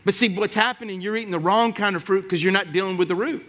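A man's voice: sits high, fast talker, fairly bright tone. A man preaching a sermon in a punchy style, with rhyming lines and call-outs to the congregation. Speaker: pastor.

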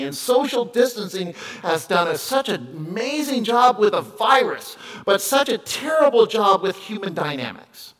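A middle-aged man preaching a conversational sermon, moving between quiet asides and loud, emphatic calls. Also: sits high, low-quality recording. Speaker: pastor.

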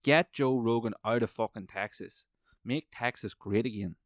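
A man hosting a solo podcast, swearing freely and rambling excitedly while commentating a fight live. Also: mid-range voice, moderate pace, no room sound, studio quality. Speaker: podcast host.

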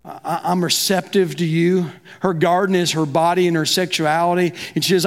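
A man's voice: high-pitched, level tone, normal speed. A man preaching a sermon as pastor, talking conversationally and acting out both sides of quoted dialogue.

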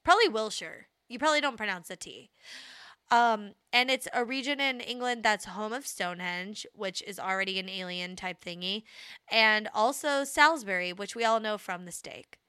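A young woman co-hosting a podcast, chatty and quick to laugh at herself. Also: mid-range voice, sharp tone, clear, resonant tone, no room sound, studio quality. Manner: chatty, laughs easily, self-mocking. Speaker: podcast co-host. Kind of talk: casual chat.

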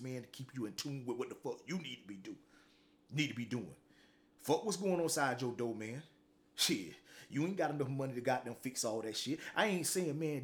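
Speaking in a mid-range voice, a middle-aged motivational talk show host gives a blunt, preachy monologue full of profanity. He keeps ending his lines with "man."

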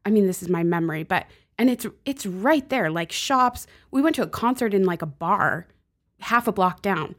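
A woman co-hosting a casual talk, telling a story in a lively way and laughing easily. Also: medium pitch, normal speed. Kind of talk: casual chat.

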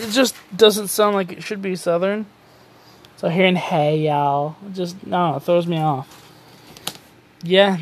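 A man with a voice pitched a little above the usual, talking alone on his podcast. He sounds tired and rambles loosely, dropping casual swears and running himself down as he goes. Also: a little hiss or hum. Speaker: podcast host. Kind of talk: casual solo podcast rant.

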